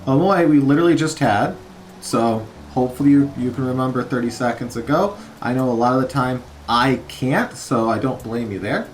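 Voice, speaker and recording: A man in his thirties casually narrating a learning game, halting with many fillers as he sounds out vocabulary. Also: mid-range voice, lively intonation, slight background noise. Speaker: streamer learning Japanese.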